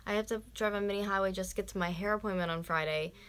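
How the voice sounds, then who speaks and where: A woman's voice: medium pitch, fairly even intonation, rapid-fire, slight background noise. A woman in her twenties from North America, chatting casually on a live stream, ranting and swearing with lots of "like" and dropping to whispers at times. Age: 20s. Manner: ranting, swears freely, fillers like "like". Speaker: vlogger.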